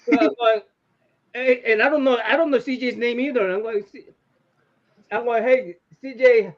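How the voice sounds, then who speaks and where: High-voiced rambling man. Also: brisk, highs cut off. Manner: rambling, excitable storyteller with stammering restarts. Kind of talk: casual chat.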